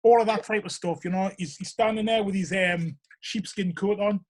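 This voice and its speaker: A man's voice: high-pitched, moderate pace, crowd noise. A middle-aged man from Newcastle with a Geordie accent, rambling through casual stories in an interview and often asking "you know what I mean?". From Newcastle, England. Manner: rambling, animated, lots of 'you know what I mean'. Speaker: interviewee, show regular.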